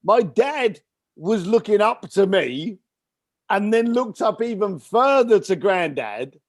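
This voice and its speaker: A man guest on a podcast, telling a personal story in an animated way and acting out the voices of his family. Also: high voice, slow pace, dry recording, clean studio sound. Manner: animated storyteller who acts out family dialogue. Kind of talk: storytelling interview.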